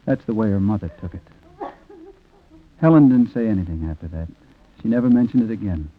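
An actor narrating a 1940s radio drama as a reflective man, quiet and rueful. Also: on the low side, animated, a little fast. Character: reflective man telling a sad story. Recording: tinny old radio recording with music.

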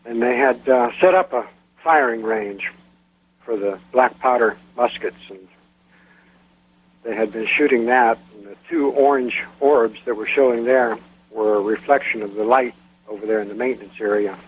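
A man calling in to a radio show, recounting a spooky night that turned out to have a plain explanation, in a halting way. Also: mid-range voice, husky. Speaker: caller. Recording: dull radio phone audio.

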